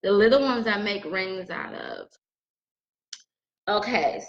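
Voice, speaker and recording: Middle-aged woman joking around with viewers, slow talker, voice bouncing all over. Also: mid-range voice, huge pitch swings, creaky, roomy sound. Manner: joking, chatty, talks straight to viewers. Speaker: crystal jewelry maker teaching viewers. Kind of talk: casual teaching video. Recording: dull lo-fi sound.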